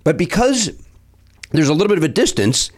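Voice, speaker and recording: Guy telling a story, lively swoopy voice, kinda high, acts out the quotes. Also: fairly quick. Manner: animated, acts out quotes, restarts often. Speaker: storyteller guest. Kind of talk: casual anecdote.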